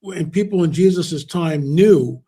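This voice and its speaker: A man's voice: on the high side, a little slow, warm tone, husky. A man speaking as an interview guest, telling stories emphatically and repeating words for stress. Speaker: interview guest, author and researcher. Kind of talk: conversational interview talk.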